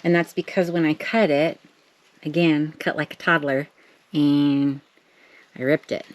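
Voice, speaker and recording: Middle-aged woman, casual craft vlogger, slightly low voice, talks to herself while working, faint background noise. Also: steady tone, a little slow. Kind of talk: casual chat while making art.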